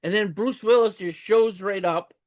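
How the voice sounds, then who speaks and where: A man with a high voice co-hosts a podcast. He retells film scenes casually, halting and restarting as he goes. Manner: halting storytelling with fillers and restarts. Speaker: podcast co-host. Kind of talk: casual movie recap chat.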